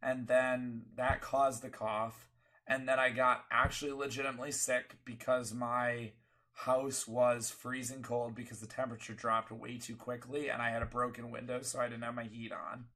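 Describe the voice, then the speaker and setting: A man's voice: medium pitch, little pitch movement, normal speed, bright, forceful tone. A sick young man, a streamer co-hosting a casual chat, his voice worn by a cold, talking in a rambling, self-deprecating way. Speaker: streamer and podcast co-host.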